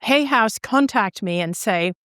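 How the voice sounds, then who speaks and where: A middle-aged woman guest on a podcast, telling her story in an animated, expressive way and laughing easily. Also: medium pitch, measured pace, clean tone, dry recording, studio quality. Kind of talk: storytelling in an interview.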